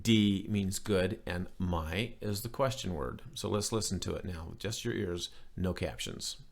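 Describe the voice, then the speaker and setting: A man's voice: deep voice, unhurried, gravelly. A man teaching a beginner language lesson in a casual, rambling way, with plenty of fillers and restarts.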